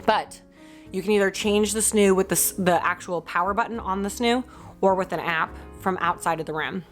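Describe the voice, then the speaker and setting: A woman's voice: medium pitch, normal speed, faint music behind. A young adult woman, a mother, talking casually to her viewers in a candid, chatty way, filling her speech with "like" and the odd swear word. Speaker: mom vlogger. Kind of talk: casual chat to camera.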